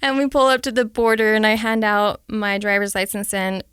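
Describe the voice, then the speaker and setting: A woman's voice: mid-range voice, normal speed, a bit bright, smooth, no echo, clean studio sound. A woman in her late twenties, a podcast guest, recounting her past frankly and reflectively. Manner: frank, reflective, reenacts her own thoughts. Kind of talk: candid personal storytelling.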